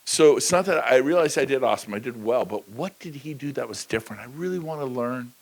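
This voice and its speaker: A man giving a high-energy motivational talk at a conference, joking with the crowd and slipping into quick impressions of people. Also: animated. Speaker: keynote speaker. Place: large conference hall.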